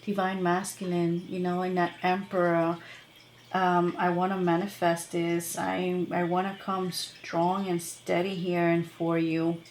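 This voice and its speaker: A woman's voice: lowish voice, little pitch movement, a little slow, a little mellow, echoey room, a little hiss or hum. A woman tarot reader talking casually to her viewers, rambling and chatty, with many fillers and laughs. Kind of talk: casual tarot reading to camera.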